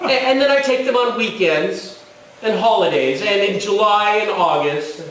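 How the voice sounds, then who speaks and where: A man's voice: high-pitched, unhurried, a bit bright. A man acting a fussy, tearful newly divorced man in a stage comedy, heard from far off in a roomy theater. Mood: wistful. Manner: mournful, sighing, apologetic. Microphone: distant audience recording. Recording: roomy hall from far off, faint noise.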